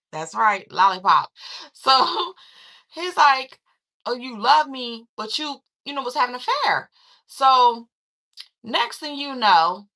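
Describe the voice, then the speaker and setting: A woman chatting through a casual movie recap, acting out quoted lines in a lively, conversational way. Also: mid-range voice. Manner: chatty, animated retelling with quoted voices. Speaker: film reviewer.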